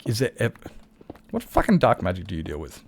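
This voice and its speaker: A man chats to his viewers during a game stream in a low voice. His tone has a gravelly fry throughout. He rambles loosely, swears freely and often stops to correct himself. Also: wildly swooping pitch, fairly quick, slight background noise. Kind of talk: casual live-stream chat.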